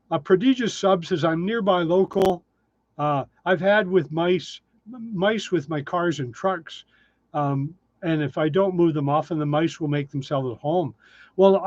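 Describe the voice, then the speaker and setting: Man, 60s, livestream host, casual and self-deprecating, somewhat high voice, dry lo-fi sound. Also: dry recording. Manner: chatty, self-deprecating, answers viewer questions. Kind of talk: casual live chat reading comments.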